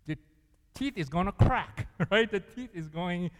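A man's voice: high-pitched, expressive, measured pace. A man preaching a sermon as pastor, earnest, often laughing and putting questions to the congregation. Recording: long reverb of a large hall.

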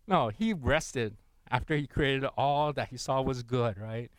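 A middle-aged man preaching a sermon, animated and repetitive, often calling for responses from the congregation. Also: medium pitch, measured pace, dry recording, clean studio sound.

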